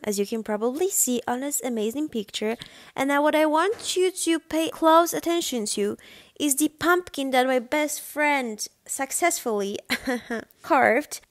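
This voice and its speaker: Bubbly high-voiced young woman doing voice-over. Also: no echo. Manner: bubbly, self-deprecating. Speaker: vlogger. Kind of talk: casual voice-over commentary.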